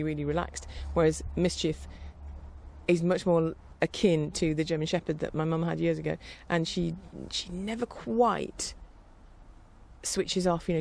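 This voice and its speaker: A middle-aged woman chatting casually in a rambling, warm-hearted way, with fillers and light laughter. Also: low voice, gravelly. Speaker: vlogger. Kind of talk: casual chat.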